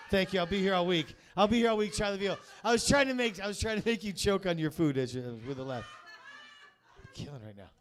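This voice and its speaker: Bright-voiced punchy stand-up man. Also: fairly high pitch, slight background noise. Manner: punchy one-liners with loud bursts and muttered asides. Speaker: stand-up comic. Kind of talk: stand-up set. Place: comedy club stage.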